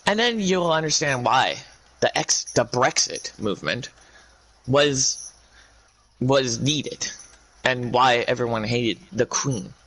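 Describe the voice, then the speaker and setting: A man speaking to his viewers in a rambling monologue, ranting in a halting way with many restarts. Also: medium pitch, animated, a bit bright, low-quality recording.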